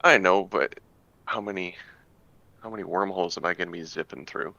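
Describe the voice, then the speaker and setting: Canadian guy, tabletop player, very deep and gravelly, bright edge, jokey haggler. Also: a little fast, no echo, highs cut off. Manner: joking, haggling. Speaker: game player. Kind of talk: casual negotiation.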